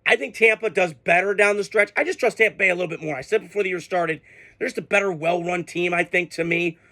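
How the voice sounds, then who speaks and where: A man's voice: high-pitched, fast talker, sharp tone. A man hosting a sports show, ranting casually with heated, profane, exasperated outbursts. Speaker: sports podcast host.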